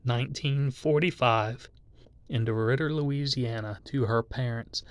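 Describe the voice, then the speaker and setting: A middle-aged man from southeast Texas, reading his mother's obituary to his viewers in a halting voice, with many pauses and restarts. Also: mid-range voice, clear, resonant tone, no room sound. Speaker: channel host.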